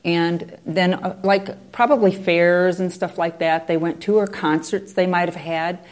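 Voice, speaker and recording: A woman's voice: on the low side, steady tone, a little slow. A woman telling a story in a conversational way, with digressive asides. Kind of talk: oral storytelling.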